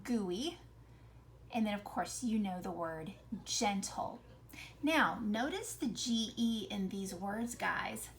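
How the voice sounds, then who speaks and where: A woman's voice: mid-range voice, gravelly, a little hiss or hum. A woman teaching a phonics lesson to children, patiently sounding out example words and asking questions.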